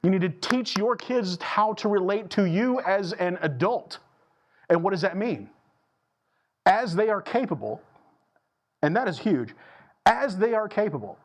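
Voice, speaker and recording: A man preaching a sermon to his church, emphatic and repetitive, moving between slow, deliberate lines and quick bursts. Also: high-pitched, lively intonation. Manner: emphatic, repeats phrases for stress, shifts between slow and fast delivery. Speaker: pastor. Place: church sanctuary.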